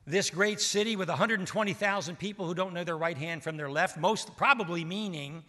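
A man's voice: sits high, a little fast, hardly any pauses. Emphatic male preacher in a reverberant hall. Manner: emphatic, swings between loud and hushed. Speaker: pastor. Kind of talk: sermon.

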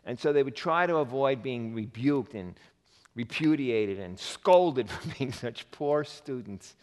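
A man's voice: mid-range voice, lively intonation, measured pace, darkish tone. A man preaching a sermon who jokes with his listeners and acts out the voices of the people in his story. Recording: long reverb of a hall.

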